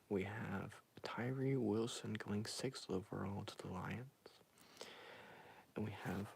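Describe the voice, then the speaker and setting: A man doing a whispered role-play as an ASMR streamer, speaking softly and close to the mic. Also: fairly low pitch, creaky, husky.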